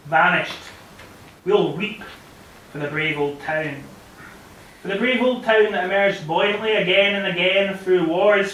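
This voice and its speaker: A man's voice: sits high, bright, forceful tone. A young man giving a declamatory poetry recitation, echoey and distant. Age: young adult. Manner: declamatory and impassioned. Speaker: guest speaker reciting poetry. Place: club function room. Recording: very echoey room recording, far from the mic, faint hiss.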